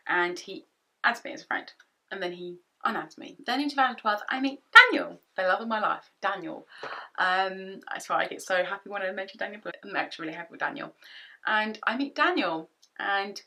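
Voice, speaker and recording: A British woman in her twenties tells a personal story in a storytime vlog, animatedly acting out both sides of each conversation. Her medium-pitched voice moves at a moderate pace. She records in a home office on a camera-mounted shotgun mic, and the result sounds rough.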